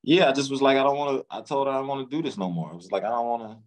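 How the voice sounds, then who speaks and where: A man's voice: mid-range voice, very fast, low-quality recording. A man, talking candidly in an interview and acting out what people said to him. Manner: casual, drawling, acts out past dialogue. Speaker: interview guest. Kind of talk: candid storytelling.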